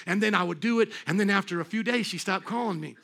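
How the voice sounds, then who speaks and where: A man's voice: sits high, fast, creaky, fairly bright tone. A man preaching a sermon at a church service, talking in an emphatic, conversational way and throwing rhetorical questions at the congregation. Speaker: pastor.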